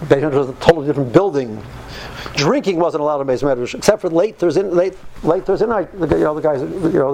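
A man's voice: fairly high pitch, creaky, warm tone, slight background noise, rough recording. A man in his fifties telling stories in a casual talk, earnest and driving his points home by repeating phrases. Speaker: speaker recounting yeshiva study.

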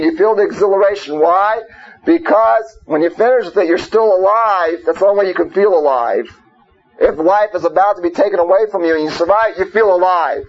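A man teaching an informal Torah class, talking conversationally, peppering his points with rhetorical questions and Hebrew and Yiddish terms. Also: high-pitched. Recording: muffled lo-fi recording.

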